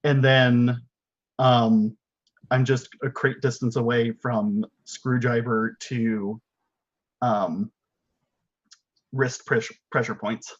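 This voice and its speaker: A man's voice: medium pitch, little pitch movement, takes it slowly, long pauses. A man playing a tabletop game, describing his character's moves in a rambling way with many fillers. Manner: rambling, lots of "like". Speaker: player. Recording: muffled lo-fi audio.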